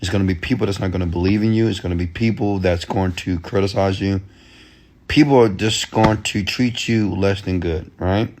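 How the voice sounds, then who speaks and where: A man's voice: low voice, fairly even intonation, moderate pace, background noise. A man giving a motivational rant in loose, slangy talk, pressing his audience with repeated commands. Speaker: entrepreneur and motivational speaker.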